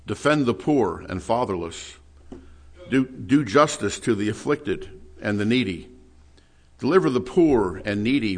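A man preaching an expository Bible sermon, reading scripture aloud and asking rhetorical questions with rising emphasis. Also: medium pitch.

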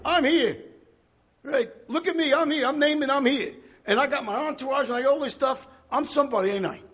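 A man's voice: very high voice, brisk, fairly bright tone, a little hiss or hum, pitched above the performer's own voice. A preacher acting out a proud, boastful male army commander who shows off and takes offence. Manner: brash, showing off, indignant.

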